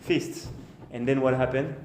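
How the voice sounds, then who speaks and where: Halting rabbi telling a story in an echoey room. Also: male voice, mid-range voice, steady tone, music in the background. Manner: halting, repeats and restarts phrases; acts out the birds and the king in short quoted bits. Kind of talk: storytelling sermon. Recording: echoey room with faint noise.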